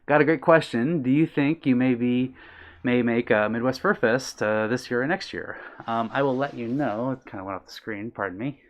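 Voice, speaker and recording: A man's voice: medium pitch, moderate pace, muffled recording. A man chatting casually on a live stream, reading viewer messages aloud with lots of ums and uhs, a little out of breath at times. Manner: friendly, reads chat messages aloud, many ums. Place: his own room on stream.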